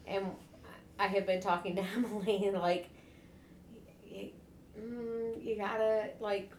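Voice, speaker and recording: A middle-aged woman chats about family in a relaxed, storytelling way, looping back over her words as she gets going. Her voice bounces around a roomy, echoey space, with faint noise underneath. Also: mid-range voice, unhurried. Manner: chatty, storytelling, repeats herself while she gets going. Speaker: mother. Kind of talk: casual chat. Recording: echoey room.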